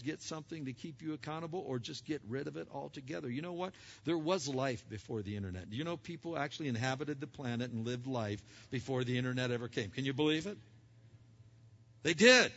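Emphatic male preacher in echoing hall. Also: on the high side. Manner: emphatic, dramatic swings between loud and hushed. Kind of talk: sermon. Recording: dull sound with long hall reverb.

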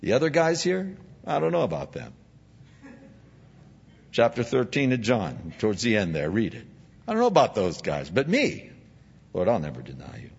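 A male pastor delivers a sermon with a lively, swooping pitch, slipping into the voices of biblical figures as he speaks. His voice rings with a long hall reverb and sounds a little dull and muffled. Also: normal speed, gravelly, pauses often, slightly rough. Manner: animated, acts out biblical figures in dialogue.

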